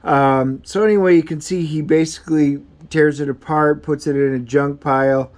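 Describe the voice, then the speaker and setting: A man's voice: fairly high pitch, moderate pace. A man recapping a comic book in a casual, rambling review, full of uhs and ums.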